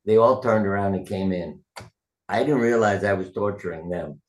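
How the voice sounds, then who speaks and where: A man's voice: fairly low pitch, normal speed, darkish tone, slight background noise. An older man, a retired surgeon, telling rambling anecdotes in a casual interview, with fillers and acted-out quotes. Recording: roomy echo.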